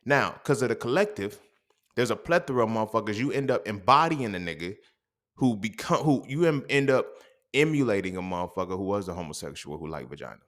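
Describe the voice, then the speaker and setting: A man's voice: on the low side, lively intonation, fast talker. A man delivering a casual, profane monologue, blunt and streetwise, firing off rhetorical questions. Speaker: podcast host.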